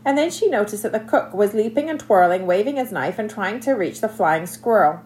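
A woman narrating a children's novel aloud in an expressive, scripted reading. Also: medium pitch, moderate pace, few pauses, slight background noise. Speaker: audiobook narrator.

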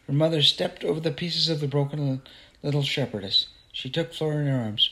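A man narrating a children's novel aloud in an expressive, unhurried way. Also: a little high. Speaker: audiobook narrator. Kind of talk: storybook narration.

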